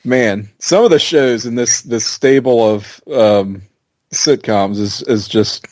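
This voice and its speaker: Male podcast co-host, mid pitch, easygoing halting delivery, dry recording. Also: a little mellow, no room sound. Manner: easygoing, halting with many ums. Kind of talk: casual chat.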